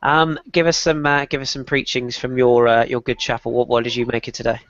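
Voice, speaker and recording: A man's voice: mid-range voice, flat delivery, fairly bright tone, no room sound, dull audio. Man with a cold hosting a podcast. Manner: jokey, quick to laugh. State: has a cold. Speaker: podcast host. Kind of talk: casual football podcast chat.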